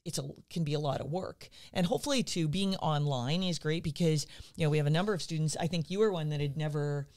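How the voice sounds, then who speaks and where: A middle-aged woman dog training instructor in a casual podcast chat, speaking in a measured, affirming way with fillers. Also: sits low, darkish tone.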